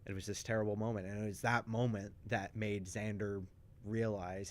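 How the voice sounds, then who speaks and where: A man in casual chat, recapping soap opera plot twists for a stream with animated storytelling, frequent restarts and asides. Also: lowish voice, slight background noise. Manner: acts out characters' lines in quick voices.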